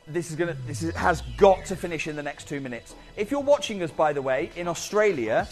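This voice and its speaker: Tv shopping guy, higher voice, pushy chatty sales talk, faint music behind. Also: animated, a little fast. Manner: urgent, chatty, pushes viewers to buy. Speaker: shopping channel presenter. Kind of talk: live TV sales pitch. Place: TV studio.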